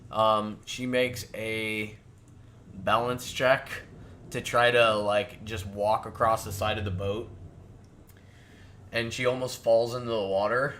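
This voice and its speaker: A man running a tabletop game as game master, narrating in a relaxed way with many filler sounds. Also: on the low side, slow pace, long pauses, slight background noise. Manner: relaxed, lots of filler sounds, laughs often.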